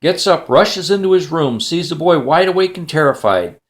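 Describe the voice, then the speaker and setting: A man's voice: a little high, expressive, normal speed. A man telling a joke as a story in a clipped, matter-of-fact way, often dropping the subject of a sentence.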